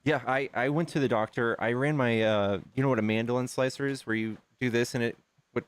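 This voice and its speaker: A man's voice: mid-range voice, steady tone, brisk, clear, resonant tone. A man hosting a casual debate stream, talking loosely with many fillers and restarts. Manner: casual, hesitant, lots of fillers. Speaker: stream host.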